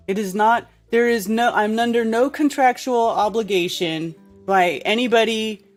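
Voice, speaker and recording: Woman host, casual rant to camera, blunt and profane, soft music in the background. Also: medium pitch. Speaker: podcast host. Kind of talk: casual live-stream rant.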